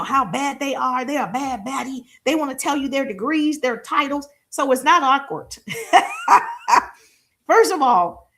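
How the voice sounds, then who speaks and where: Woman, middle-aged, business coach, live-streamed lesson, energetic, high-pitched, acts out mini dialogues. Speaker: sales and marketing business coach.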